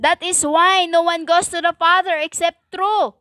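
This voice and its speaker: A woman preaching a stern religious monologue in halting non-native English, with many fillers and emphatic repetition. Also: extremely high pitch, steady tone, bright, forceful tone, dry recording, clean studio sound. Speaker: self-styled prophetic preacher.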